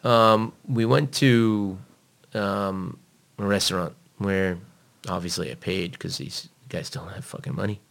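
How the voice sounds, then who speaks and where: A man being interviewed, telling a personal story in a blunt, profane, animated way. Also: low voice, a little slow, creaky.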